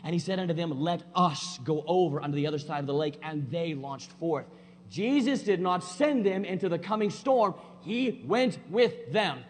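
Preacher in a reverberant church hall. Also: male voice, a little high, lively intonation, moderate pace. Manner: swings from loud emphatic preaching to quiet conversational asides; folksy, plainspoken. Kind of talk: sermon. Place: church sanctuary. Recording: long hall reverb with faint hum.

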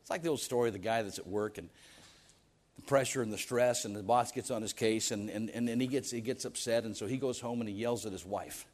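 A man's voice: lowish voice, a little fast, darkish tone. A man preaching a sermon, firing off rhetorical questions and stumbling over repeated words as he presses his points. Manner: emphatic preaching with stammered restarts and rhetorical questions. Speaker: pastor.

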